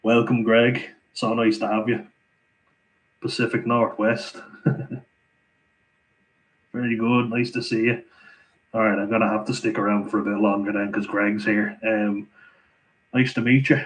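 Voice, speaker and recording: A man's voice: fairly low pitch, completely flat delivery, a little slow, pauses often, rough recording. An Irish man hosting a casual live Q&A, chatting and laughing as he reads out viewer comments. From Ireland. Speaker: livestream host answering viewer chat.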